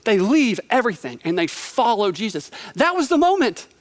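A man's voice: sits high, very animated, moderate pace. A man preaching a sermon, retelling a Bible story vividly and conversationally, asking the listener questions. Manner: storytelling, vivid, acts out quotes.

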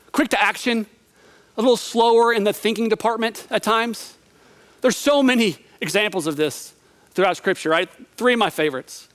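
In a smooth, high-pitched, slightly bright voice, a man preaches by retelling a Bible story with vivid, conversational storytelling. He acts out quotes and puts questions to the listener.

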